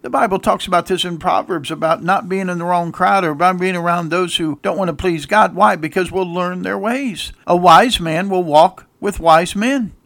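A male pastor preaching a sermon, swinging from loud emphatic peaks down to soft, low passages as he reads and explains scripture. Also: normal speed, gravelly, hardly any pauses, no room sound. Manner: reads scripture aloud in King James wording.

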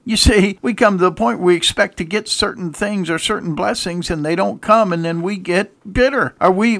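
Gravelly-voiced preaching pastor, man. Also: high-pitched, fairly bright tone. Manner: emphatic preaching with repeated words and restarts; tells jokes and anecdotes between scripture readings. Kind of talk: sermon.

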